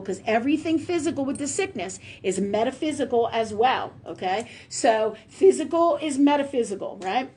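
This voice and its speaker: A woman in her fifties with a high voice, hosting a live spiritual talk stream. She rants with angry, profane emphasis. She keeps retelling conversations in an animated way. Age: 50s. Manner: quotes others in animated retellings.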